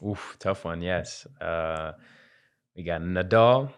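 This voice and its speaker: Male co-host, low voice, relaxed and halting. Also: clean tone. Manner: easygoing, hesitant with fillers. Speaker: podcast co-host. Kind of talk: casual podcast chat.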